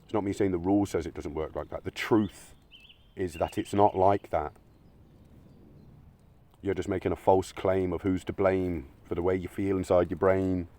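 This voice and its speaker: A video essayist delivers a blunt, sweary, argumentative rant, occasionally mocking imagined critics in silly voices. His low, warm voice keeps a fairly even intonation at a normal speed in this opinionated monologue.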